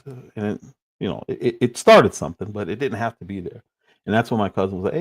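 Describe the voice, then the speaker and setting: A man from Chicago hosting a livestream, telling a story in a casual, animated way, laughing and acting out the lines he quotes. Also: lowish voice, quick pace. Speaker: livestream host.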